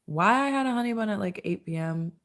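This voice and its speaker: A woman's voice: medium pitch, expressive, quick pace, fairly bright tone. A young woman hosting a casual livestream from home at night, chatting with viewers and scolding her dog. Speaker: livestream host.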